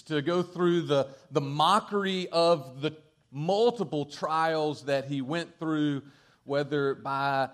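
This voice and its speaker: A man preaching a sermon in an earnest, halting way, often restarting his phrases as he goes. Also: on the high side. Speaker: pastor.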